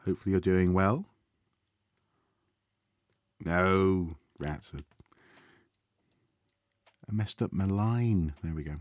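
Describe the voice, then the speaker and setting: A man chatting casually to viewers as he draws on a live stream, relaxed and thinking aloud, often trailing off mid-sentence. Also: low voice, slow, long pauses, dry recording, clean studio sound. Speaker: art streamer. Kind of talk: casual chat while drawing live.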